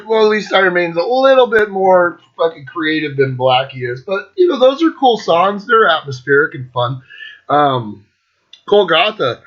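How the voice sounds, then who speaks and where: A man hosting his own metal show, chatting casually and sarcastically with lots of swearing, clearing his throat now and then. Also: fairly high pitch, a bit bright, muffled recording. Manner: profane, sarcastic, laughs often. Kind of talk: casual solo chat reviewing albums.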